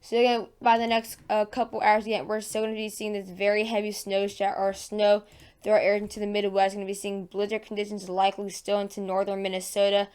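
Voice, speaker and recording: A woman's voice: mid-range voice, flat delivery, quick pace, darkish tone, clear, resonant tone. A woman hosting a casual weather forecast vlog in her just-woken morning voice, chatty and full of fillers and self-corrections. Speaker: weather channel host.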